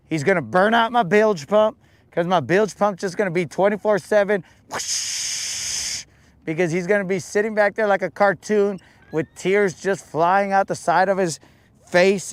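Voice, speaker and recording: A man's voice: high voice, normal speed, clean tone, dry recording. A young adult man hosting a podcast, chatting casually and jokingly in heavy slang, calling everyone bro and dog. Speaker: podcast host. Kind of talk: casual chat.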